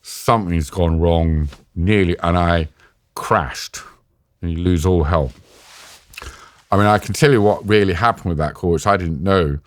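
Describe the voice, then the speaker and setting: A middle-aged British man, a podcast guest, telling a story in a lively way with many restarts and acted-out quotes. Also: deep voice, a little slow, no echo, clean studio sound. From Britain. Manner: vivid storyteller who acts out quoted voices, with many restarts. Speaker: podcast guest, war journalist. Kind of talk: casual storytelling interview.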